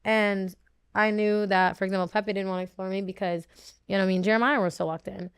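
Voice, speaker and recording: Emotional rambling woman, smooth voice. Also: mid-range voice, fairly even intonation, fast, no echo, studio quality. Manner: emotional, rambling with many "like"s and restarts. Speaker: reality show contestant guest. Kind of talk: candid podcast interview.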